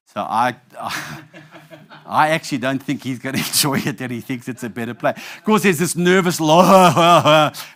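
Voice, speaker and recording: A man's voice: fairly high pitch, expressive, fairly quick. A man from South Africa hosting a live awards event on stage, telling a story with a comic twist before announcing winners. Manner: storytelling, playful, shifts to loud hype when announcing. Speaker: awards host.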